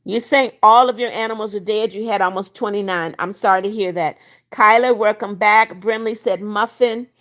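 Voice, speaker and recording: A woman's voice: mid-range voice, moderate pace, fairly bright tone. A woman of seventy-one hosting a livestream, reading out viewers' chat comments and answering each by name in a chatty way. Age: 70s. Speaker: livestream host.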